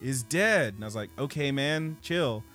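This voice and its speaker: Casting note: man, podcast co-host, swearing, lively storyteller, mid pitch, faint music underneath. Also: moderate pace. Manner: profane, animated storyteller acting out others' lines.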